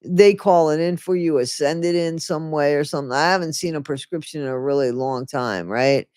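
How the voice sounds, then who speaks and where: A livestream host speaks in plain, casual commentary that is blunt and openly scornful, with frequent swearing. Asides to the live chat fill the breaks. The sound is close and dry, at a mid pitch. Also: brisk, darkish tone, dry recording.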